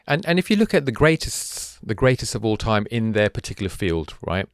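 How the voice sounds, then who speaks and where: A man with a very low voice hosts a relaxed podcast chat. He recorded it in a dry, close sound with little room echo. He tells stories in an animated way and wanders off on tangents. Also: fairly quick. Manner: animated, tangent-prone storytelling. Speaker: podcast host. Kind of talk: casual conversational podcast.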